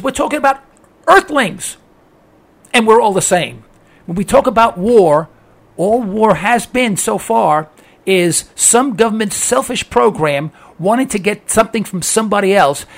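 A man hosting a political talk radio show, speaking with impassioned emphasis and often restarting his phrases as he presses a point. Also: high-pitched.

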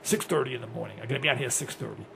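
A man's voice: mid-range voice, very fast, creaky, noisy background. A man in his sixties hosting a rambling, blunt talk radio monologue. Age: 60s. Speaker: host.

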